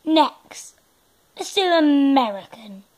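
Young girl vlogging, high pitched, slow and unsure, kinda giggly. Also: lively intonation, a little mellow. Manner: hesitant, giggly, self-conscious. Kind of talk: casual vlog, trying out accents.

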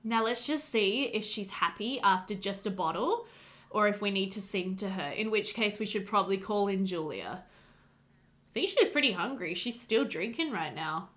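A woman hosting a casual let's play, chatting excitably to her game characters as she plays. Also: mid-range voice, moderate pace. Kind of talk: casual gameplay commentary.

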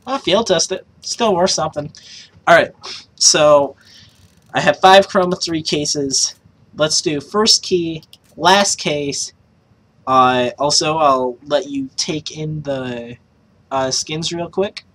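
A woman with a lowish voice talks through her gaming session in a slow, unhurried drawl. She swears freely and is quick to burst into loud, excited shrieking. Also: low-quality recording. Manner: excitable, swears a lot, shrieks when thrilled. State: yelling in excitement. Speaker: gaming streamer. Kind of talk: casual gaming commentary.

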